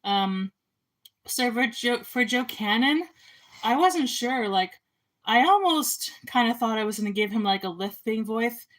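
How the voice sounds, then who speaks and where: A woman's voice: a little high, animated, measured pace, a bit bright, low-quality recording. A young woman, an amateur filmmaker and artist, chatting casually about making her film. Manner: rambling, chatty, lots of ums and likes. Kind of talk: casual chat.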